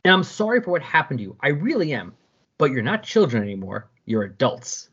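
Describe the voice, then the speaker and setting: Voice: medium pitch, sing-song, a little fast, a bit bright, breathy edge, full character voice. A fierce, commanding young heroine, as a podcaster puts her on. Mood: stern. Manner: defiant, scolding. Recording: dull lo-fi sound.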